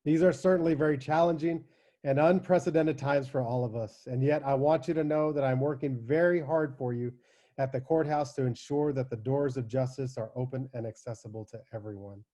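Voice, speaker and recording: A man's voice: mid-range voice, steady tone, brisk, warm tone. A man, a judge, giving an earnest, formal recorded video greeting.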